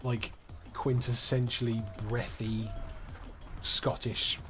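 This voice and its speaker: A man's voice: mid-range voice, takes it slowly. Laid-back man with upward inflection, game music. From England. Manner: relaxed, laughing, upward inflection. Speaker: streamer. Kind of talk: casual gaming chat.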